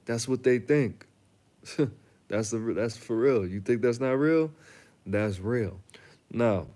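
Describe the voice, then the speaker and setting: With a dark-toned, mid-range voice, this young man from Chicago runs a reaction channel. He addresses the camera in a blunt, casual way, cracking jokes and spinning slang-filled stories.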